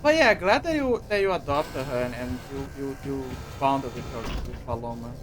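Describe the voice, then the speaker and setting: A man's voice: medium pitch, animated, normal speed, background noise. A man streaming a video game, chatting casually and rambling with lots of restarts and fillers. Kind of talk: casual gameplay commentary.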